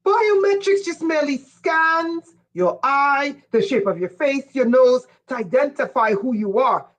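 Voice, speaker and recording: A woman giving an impassioned livestream monologue, emphatic and profane, with sudden bursts of shouting. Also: high voice, a little slow, rough recording. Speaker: livestream speaker.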